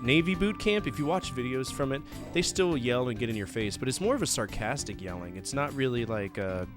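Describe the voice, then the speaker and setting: A man giving casual, profane commentary while playing a game, chatty with laughing asides. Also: medium pitch. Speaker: gaming video host.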